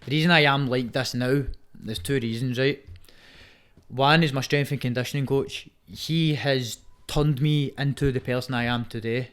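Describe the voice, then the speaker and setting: A man's voice: mid-range voice, fairly even intonation, normal speed, a bit bright, clean tone. A young Scottish man, a fighter, talking earnestly and swearing freely as a podcast guest. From Scotland. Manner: sweary, earnest, says "mate" often. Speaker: guest, Muay Thai fighter. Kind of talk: casual podcast chat.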